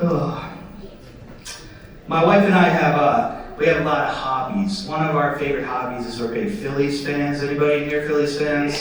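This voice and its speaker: A man's voice: a little high, fairly even intonation, moderate pace. Rambling young stand-up comedian man. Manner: rambling, self-deprecating asides. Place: theatre stage before a live audience. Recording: distant echoey theatre with crowd.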